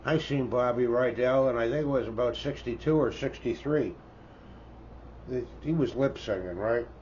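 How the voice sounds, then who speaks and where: A mid-range, slightly mellow voice at a moderate pace belongs to a Canadian record collector in his seventies giving a casual show-and-tell. His talk rambles in a folksy way, sprinkled with "eh?", over dull lo-fi audio with faint background noise.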